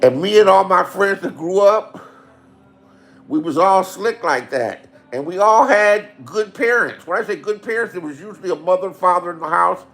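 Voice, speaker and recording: High-voiced man telling profane stories. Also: moderate pace, creaky, faint music behind. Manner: animated, swinging widely between loud and low; repeats lines for punch. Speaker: storyteller. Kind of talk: profane comedic storytelling.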